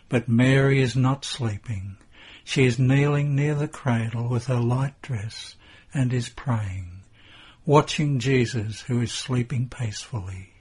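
A man narrating a religious text in a measured, reverent reading. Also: mid-range voice, a little mellow, slightly rough.

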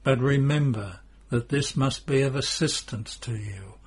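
Man voicing a calm, gently teasing teacher. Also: medium pitch, measured pace, breathy edge.

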